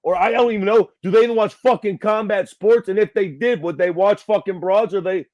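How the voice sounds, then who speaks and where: A man's voice: high voice, steady tone, a little fast, darkish tone, no echo, dull audio. A man co-hosting a casual podcast, talking bluntly with a lot of swearing and crude jokes. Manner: blunt, profane and crudely joking. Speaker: podcast co-host.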